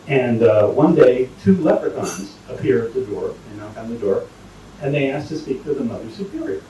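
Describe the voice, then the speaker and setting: A man's voice: medium pitch, a little hiss or hum. A man doing a stand-up comedy set, rambling and interrupting himself as he tells jokes. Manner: rambling, self-interrupting storyteller. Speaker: stand-up comic. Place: comedy night venue, indoors. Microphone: iPhone recording from too far away. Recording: distant, echoey phone recording.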